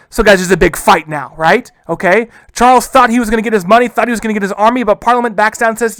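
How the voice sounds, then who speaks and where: A man's voice: high-pitched, a bit bright, dry recording. A man teaching a history lesson in a casual way, often calling his listeners guys and briefly acting out historical figures. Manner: acts out historical figures in quick asides. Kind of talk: recorded history lecture.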